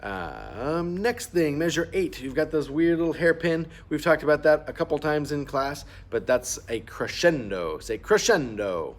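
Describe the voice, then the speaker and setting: A band teacher walks through a clarinet part in a slightly high voice with big pitch swings, talking at normal speed with hardly any pauses. He patiently explains fingerings and markings and sings rhythms aloud to demonstrate them.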